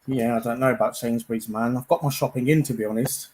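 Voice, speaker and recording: A man's voice: medium pitch, fairly even intonation, quick pace, a little mellow, slight background noise, low-quality recording. A man on a live panel chat, laid-back, laughing often and slipping into Punjabi. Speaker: panel participant.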